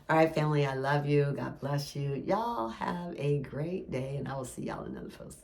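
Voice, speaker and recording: A woman's voice: low voice, normal speed, creaky, hardly any pauses. A middle-aged woman giving a casual devotional talk, telling stories in a chatty way and often asking "right?". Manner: chatty storytelling with frequent "right?" and "y'all". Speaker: Christian ministry speaker.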